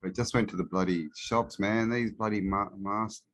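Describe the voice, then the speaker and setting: A man's voice: fairly low pitch, fairly even intonation, moderate pace, a bit bright. A man, a guest in a casual chat, ranting and swearing freely.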